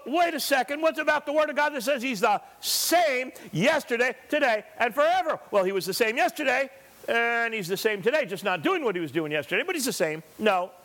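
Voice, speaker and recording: A man's voice: very high-pitched, a bit bright. A male pastor preaching a sermon, driving his points home with rhetorical questions and briefly acting out the voices of scripture figures.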